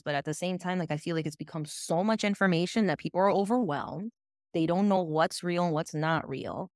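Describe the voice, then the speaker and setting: A woman with a fairly low voice chats as a podcast guest, slipping between English and Spanish mid-sentence. She acts out other people's remarks with sudden jumps up in pitch. The sound is close and dry, with no room echo. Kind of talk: casual interview chat.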